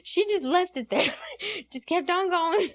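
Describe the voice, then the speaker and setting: Woman commentator, high voice, unhurried drawl, sarcastic and giggly. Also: lively intonation, a bit bright. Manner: sarcastic, laughs often. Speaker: reaction commentator. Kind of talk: mocking commentary on bodycam footage.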